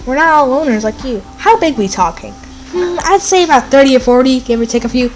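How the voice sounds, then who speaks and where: A woman voicing a hefty male slugcat creature in a game, speaking in a calm, frank, matter-of-fact way. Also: sits high, a little fast, soft background music, pitched above the performer's own voice, rough recording. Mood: friendly.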